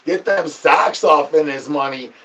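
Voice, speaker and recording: A man doing an absurd comic rant, rambling nonsense and doubling words in a sing-song way, with catchphrases he drags out into a slow chant. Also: a little high, bright, forceful tone, slight background noise.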